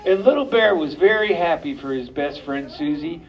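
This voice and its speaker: Animated male storyteller for little kids. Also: on the high side, moderate pace, muffled recording. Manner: animated, invites children to join in. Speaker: puppeteer storyteller. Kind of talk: storytelling to preschoolers. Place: library program room.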